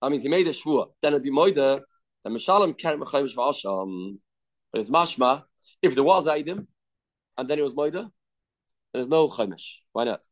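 A man's voice: medium pitch, lively intonation, normal speed. A man teaching a daily Talmud class, explaining step by step, putting questions and answering them himself. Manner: mixes English with Hebrew and Aramaic terms.

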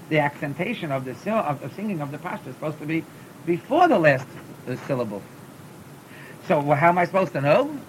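A man, teaching a class on chanting scripture. He stumbles and repeats words as he explains, and breaks into short chanted examples. A faint rumble hums under the recording. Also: rough recording. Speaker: teacher of Torah cantillation. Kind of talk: classroom lesson.

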